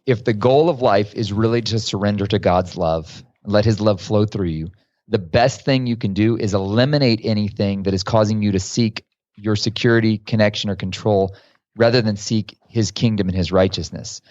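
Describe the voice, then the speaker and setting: A man, a guest author and coach, telling stories in a casual, lively way during a podcast interview. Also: lowish voice, normal speed, no room sound, lo-fi sound.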